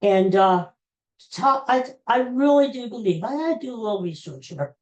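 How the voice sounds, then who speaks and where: A woman's voice: a little high, expressive, normal speed, highs cut off. An older woman hosting a podcast, chatting in a rambling way and repeating herself. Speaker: podcast host. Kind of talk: casual chat.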